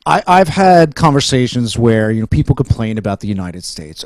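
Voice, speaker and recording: A man's voice: mid-range voice, animated, normal speed, few pauses, no room sound, studio quality. A middle-aged man from New Jersey with a New Jersey accent, hosting a casual interview, rambling and joking with many restarts. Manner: rambling, restarts often, jokey. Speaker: podcast host.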